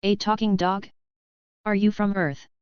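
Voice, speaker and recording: A woman's voice: mid-range voice, level tone, a little slow, clean tone, no echo, lightly acted. A woman voicing a cocky young male space outlaw in a storybook reading, light and teasing. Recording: dull, lo-fi dry recording.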